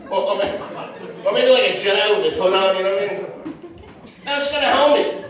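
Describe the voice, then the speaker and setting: Heard from far off in an echoey comedy club, a man of Puerto Rican heritage does stand-up to audience laughter. His high-pitched voice is a bit bright and moves at a quick pace, his style brash and conversational, peppered with "man" and "right?"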